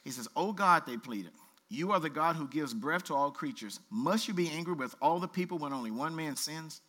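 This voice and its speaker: A man pastor preaching a sermon, reading scripture aloud with colloquial asides and lively exhortation. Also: on the high side, a little fast. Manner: animated preaching, reads scripture aloud with asides and playful voices.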